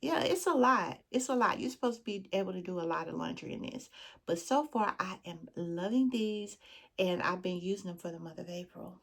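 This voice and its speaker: A woman's voice: on the low side, a little fast, gravelly, a bit bright. A woman with a Southern US accent, chatting casually with her viewers as a beauty vlogger and calling them friend and girl. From Southern United States. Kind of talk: casual chat.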